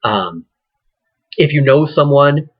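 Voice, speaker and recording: A man teaching acting, speaking in a conversational, rambling way with many ums and restarts, his voice husky. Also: a little high, lively intonation, slow, lo-fi sound. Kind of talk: informal lecture.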